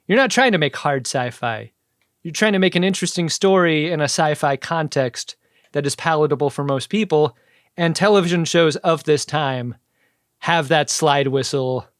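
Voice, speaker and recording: A man co-hosting a podcast in casual chat, animated and quick to laugh. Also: on the high side, dry recording, clean studio sound. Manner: chatty, animated, laughs often. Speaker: podcast co-host.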